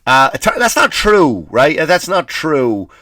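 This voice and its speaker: A man's voice: fairly high pitch, big pitch swings, unhurried, bright, forceful tone, no echo, clean studio sound. A man hosting a comedy podcast, ranting from home with blunt, profane sarcasm and lots of stammered restarts.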